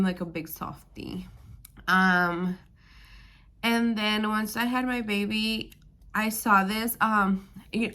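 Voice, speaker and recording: A woman's voice: mid-range voice, a bit bright. A young woman, a new mother who is a bit under the weather, talking casually in a vlog with lots of "like" and "um.". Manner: rambling, full of "like" and "um". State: a bit sick.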